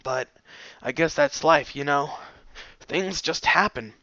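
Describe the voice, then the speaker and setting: Man doing a heartbroken young female pegasus pony, tearful, lifted and bright, voice cracking. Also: a little high, no echo, lo-fi sound, voice pushed up. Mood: grieving, tearful. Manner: quiet, halting, broken speech. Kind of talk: audiobook reading of fan fiction.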